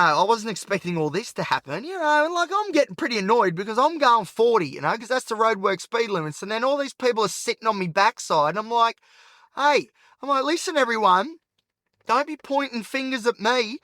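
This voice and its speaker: A man's voice: sits high, lively intonation, fairly quick, bright, forceful tone, dry recording. Australian male podcast host, agitated, rambling monologue from his car, dry close sound. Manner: rambling and frank, heavy on filler. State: agitated and anxious. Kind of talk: candid solo monologue while driving. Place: inside a car at night.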